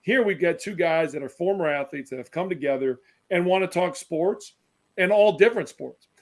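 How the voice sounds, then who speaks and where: A man from Wisconsin, a former basketball player, chatting as a podcast guest in an animated, emphatic way. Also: high voice, normal speed. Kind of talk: casual podcast chat.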